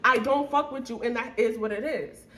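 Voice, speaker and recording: A young woman telling a storytime to her viewers in a blunt, animated way, swearing often. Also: a little high, moderate pace, a little hiss or hum. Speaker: storytime vlogger.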